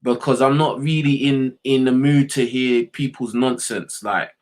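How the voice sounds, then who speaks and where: A man's voice: mid-range voice, fairly even intonation, measured pace. A young man hosting a livestream, ranting bluntly and with lots of swearing at his chat, and he keeps asking "you know what I mean". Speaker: livestream host. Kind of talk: unscripted rant to livestream chat.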